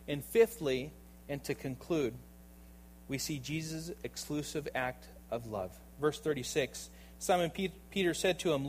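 Preaching with emphasis, this male pastor fills his sermon with rhetorical questions and keeps turning to the audience with "right?". His volume shifts from loud bursts to soft, low-voiced asides, and the pace is unhurried on a low-quality recording.

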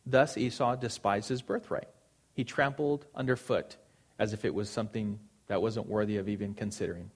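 A man's voice: lowish voice, steady tone, moderate pace. A man preaching a sermon, earnest and emphatic, repeating phrases for stress.

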